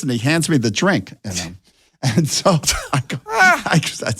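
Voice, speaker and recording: An older man, a guest director, telling a lively anecdote and acting out the voices of the people in it. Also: fairly high pitch, moderate pace.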